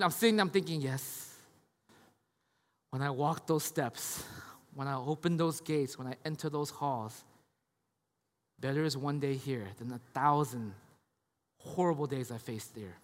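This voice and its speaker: A man in his thirties, a pastor preaching a conversational sermon, often asking "right?" and moving between hushed and loud passages. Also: fairly high pitch, measured pace, long pauses, in a large hall. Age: 30s. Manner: conversational, tag questions, swings from hushed to loud.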